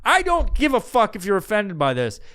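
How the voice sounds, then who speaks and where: A man's voice: high-pitched, very animated, a little fast, a bit bright, clear, resonant tone. A man hosting a podcast, delivering a crude, mocking rant full of swearing. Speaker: podcast host. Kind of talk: profane ranting podcast monologue.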